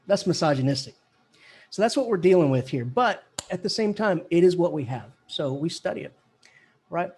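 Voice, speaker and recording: A man teaching a college English class, lively and casual, chanting poetic rhythms aloud to show the beat. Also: on the high side, moderate pace, slightly rough. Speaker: English professor. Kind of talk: classroom lecture.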